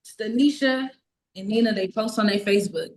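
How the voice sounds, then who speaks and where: A woman in her thirties giving an emotional personal testimony on a group call, animated and repeating herself as she acts out her own past words. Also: mid-range voice, moderate pace. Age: 30s. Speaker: network marketing team member giving a testimonial.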